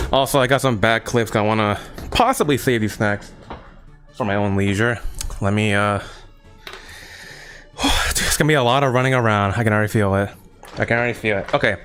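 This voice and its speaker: Young male streamer, animated pitch swings, rambling casual chat to viewers, faint music behind. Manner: chatty, addresses chat, rambling and playful. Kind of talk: casual live-stream snack review. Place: at a table at home.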